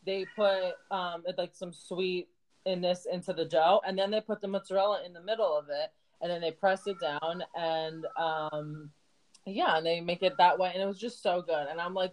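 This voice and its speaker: A woman's voice: on the low side, steady tone, normal speed, low-quality recording. Laughing, teasing woman podcast co-host. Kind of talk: casual chat.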